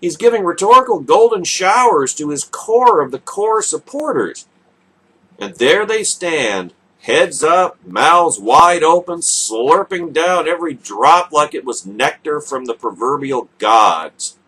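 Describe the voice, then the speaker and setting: Sarcastic guy doing a political radio rant, slow and husky, voice jumps all over. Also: fairly high pitch, animated, bright, forceful tone. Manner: sarcastic, mocking. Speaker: radio show host. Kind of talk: political commentary monologue.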